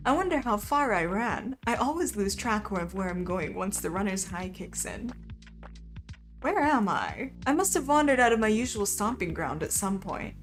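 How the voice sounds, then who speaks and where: A woman's voice: mid-range voice, animated, normal speed, a bit bright. A young woman streaming a game, reading a visual novel aloud with casual, wry asides and laughter. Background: faint background music.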